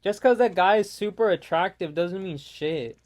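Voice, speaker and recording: Young dude gaming and ranting, high-pitched, swears a ton, exasperated. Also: male voice, moderate pace, a little mellow. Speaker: gaming YouTuber. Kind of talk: ranting commentary over gameplay.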